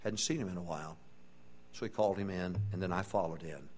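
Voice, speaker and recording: Brief: pastor, lowish voice, earnest, folksy sermon storytelling. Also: male voice, fast talker, a little mellow. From East Texas.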